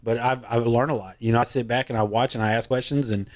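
Laid-back man, podcast guest, casual rambling with plenty of swearing, mid-pitched. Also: steady tone, fast talker, no room sound. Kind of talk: casual chat.

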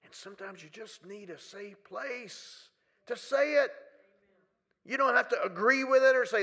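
A man preaching a sermon to a congregation in a church hall, dropping to hushed near-whispers and rising to loud, pleading cries, often stretching his words slowly. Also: very high-pitched. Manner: slow, drawn-out phrasing.

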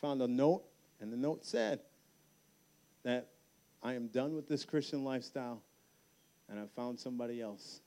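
A man speaking at a youth camp, telling his own story as a sermon, dropping soft and slow on key lines. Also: medium pitch. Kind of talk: sermon with personal testimony. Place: large hall at a youth camp.

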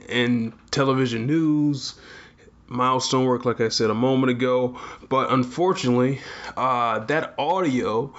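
A man's voice: mid-range voice, fairly bright tone, dull audio. A man hosting a podcast, talking casually and rambling with many restarts. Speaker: podcast host. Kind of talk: casual chat.

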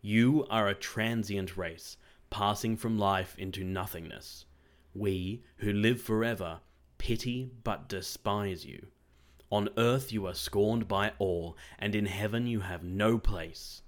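A grave, stern immortal lord of the forests, as a male reader plays him, speaking with calm, measured authority in a low voice.

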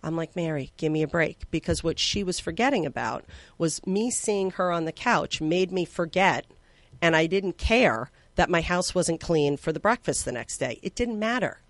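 A woman's voice: lowish voice, dry recording. Woman guest, emotional storyteller, lots of fillers, dry close sound. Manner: heartfelt, emotional, with many fillers; swings from slow and soft to loud and excited. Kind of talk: personal storytelling.

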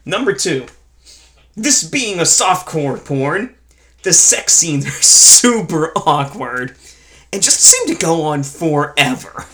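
A man's voice: fairly high pitch, very animated, slow pace, sharp tone. A man co-hosting a casual movie review chat, blunt and sarcastic, swearing freely. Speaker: podcast co-host reviewing a film.

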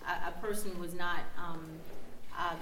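A woman tells a personal story slowly, filling gaps with ums and pauses. Her voice echoes around the room, and steady noise sits under it. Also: on the low side. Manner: hesitant, many pauses and ums. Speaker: group member. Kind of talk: casual sharing in a discussion.

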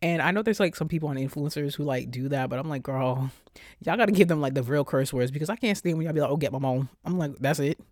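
A woman's voice: sits low, fast talker, dry recording, studio quality. A young woman hosting her own podcast, talking casually and cursing freely, her voice stuffy from a cold. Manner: profane, animated, lots of cursing. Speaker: podcast host. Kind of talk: casual solo podcast rant.

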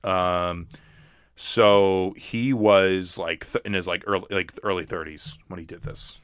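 A man's voice: low-pitched, steady tone, a little slow, a bit bright, smooth, no echo, clean studio sound. A man co-hosting a casual movie talk, rambling with many restarts and fillers. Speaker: podcast co-host.

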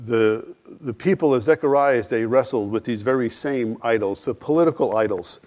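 A man's voice: medium pitch, moderate pace, a little mellow. A middle-aged man preaching a sermon, earnest, asking rhetorical questions and acting out quoted dialogue. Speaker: pastor.

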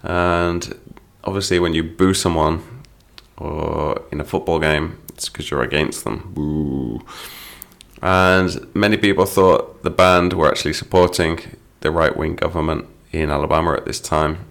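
A man's voice: low-pitched, fairly even intonation, normal speed, vocal fry, fairly bright tone. A middle-aged man teaching English phrases through song lyrics, patient and explanatory.

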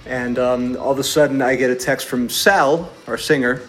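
A man, a touring musician, telling a story in a relaxed, conversational way with lots of fillers. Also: mid-range voice, moderate pace. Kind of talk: casual storytelling.

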